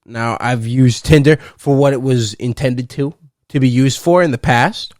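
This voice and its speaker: A young man hosting a solo podcast, rambling and cursing playfully, breaking into loud laughs. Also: mid-range voice, normal speed, no room sound, clean studio sound. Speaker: podcast host. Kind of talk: casual solo podcast rant.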